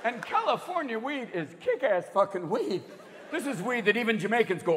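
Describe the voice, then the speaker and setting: A man in his fifties doing stand-up comedy, rapid and profane, jumping between voices. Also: very high-pitched, sing-song, in a large hall. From United States. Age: 50s. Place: large theater stage. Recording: live theater show with crowd noise.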